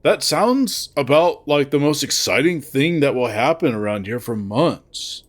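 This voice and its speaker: A man's voice: mid-range voice, lively intonation, unhurried. A man voicing a young male furry slacker in a visual novel, talking in a sarcastic, drawling, exasperated way. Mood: wry.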